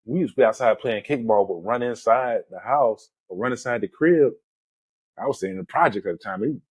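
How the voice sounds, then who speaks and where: A man in his forties, a podcast host, retelling a film in a loose, animated way, full of "man" and "you know". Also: mid-range voice, brisk, husky, no room sound. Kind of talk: casual movie discussion.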